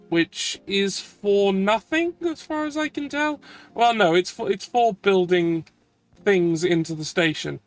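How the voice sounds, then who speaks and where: High-voiced man rambling over gameplay. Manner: rambling, chatty and self-deprecating. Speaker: streamer. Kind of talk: casual gameplay commentary.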